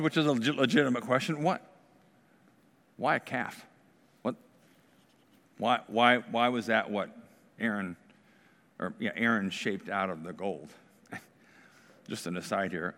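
Male pastor, mid pitch, animated sermon delivery with acted voices; long hall reverb. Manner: animated storytelling, acts out voices of the people.

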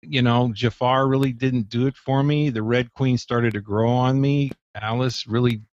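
A man's voice: mid-range voice, fairly even intonation, normal speed, a little mellow, no room sound. A man sharing opinions hesitantly in a casual group podcast chat. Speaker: podcast panelist. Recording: dry lo-fi sound.

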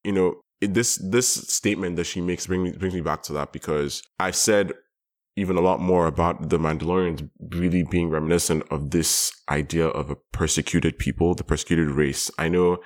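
A man co-hosting a casual chat, thoughtful and rambling, with quick bursts of excitement. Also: deep voice. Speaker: podcast co-host.

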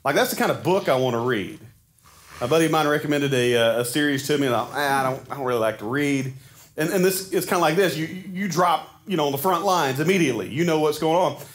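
A man in his forties preaching a sermon in a casual, animated storytelling way, acting out the quotes he tells. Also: fairly high pitch, fast talker. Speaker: pastor.

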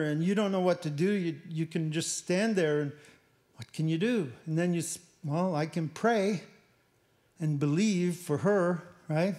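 A middle-aged man with a fairly high voice tells a personal testimony. He speaks haltingly and often repeats words as he gropes for what to say. The delivery is emotional and heartfelt. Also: a little mellow. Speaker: missionary speaker.

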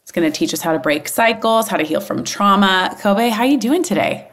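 A woman's voice: mid-range voice, expressive, fairly quick, fairly bright tone. Woman podcast co-host; upbeat, friendly interviewer. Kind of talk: interview questions.

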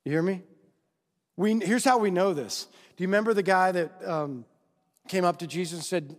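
High-voiced preacher in a reverberant hall. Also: male voice, brisk. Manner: conversational, constantly checking in with rhetorical questions. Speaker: pastor. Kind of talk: sermon. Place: church sanctuary. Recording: long reverb of a large hall.

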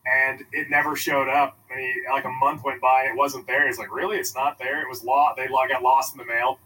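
Bright-voiced man telling stories on a podcast. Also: mid-range voice, fairly quick, slightly rough. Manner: animated storyteller, acts out quoted exchanges. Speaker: podcast guest, reptile book author. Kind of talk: casual podcast chat. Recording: distant mic with faint background noise.

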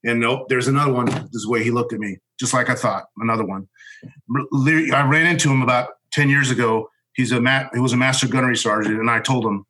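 A former Marine officer telling a personal story in a candid, halting way, restarting sentences and swearing bluntly. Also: male voice, medium pitch, pushed and bright, low-quality recording.

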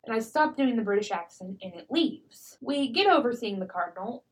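A woman's voice: fairly high pitch, lively intonation, moderate pace, rough recording. A woman hosting a podcast, talking without a script in a chatty, rambling storytelling way into a microphone. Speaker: podcast host. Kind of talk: unscripted casual podcast monologue.

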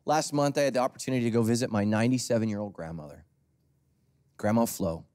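Male pastor, sermon, lively expressive pitch, loud emphasis then near whispers, storytelling. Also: fast talker.

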